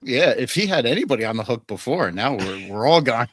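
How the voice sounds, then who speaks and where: Brief: male podcast co-host, relaxed and deadpan, mid pitch, dry close recording. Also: brisk, no room sound. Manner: laid-back, dry humor. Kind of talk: casual podcast chat.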